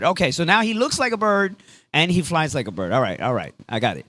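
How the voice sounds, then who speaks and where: A man calling a beach tennis match live, casual and excitable, dropping Spanish phrases into his play-by-play. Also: fairly high pitch, fairly quick, no echo, studio quality. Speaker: sports commentator.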